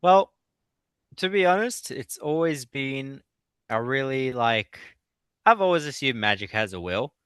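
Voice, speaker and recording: A man, a guest author in a casual interview, telling animated stories and laughing often. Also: medium pitch, a little slow, clean tone, no room sound. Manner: animated storyteller.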